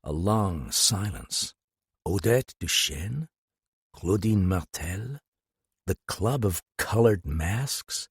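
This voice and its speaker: A man narrating an audiobook with expressive storytelling. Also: deep voice, slow, breathy edge, no echo, studio quality. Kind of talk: scripted narration.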